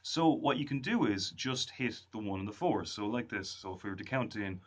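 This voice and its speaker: A man giving a casual music lesson, counting beats and humming strum rhythms in a relaxed way. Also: fairly low pitch, brisk. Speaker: music tutor. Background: ukulele strumming.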